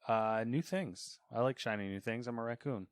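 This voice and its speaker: A man's voice: medium pitch, normal speed, smooth, dry recording, clean studio sound. Rambling podcast host, a man. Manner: rambling, trails off into mumbles. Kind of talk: casual chat.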